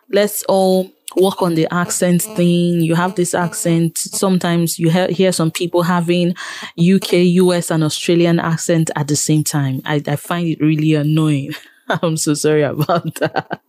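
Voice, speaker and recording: A woman's voice: on the low side, level tone, unhurried, darkish tone, no echo. A Nigerian woman, a radio producer and presenter, speaking frankly in an interview, exasperated when she complains about her industry.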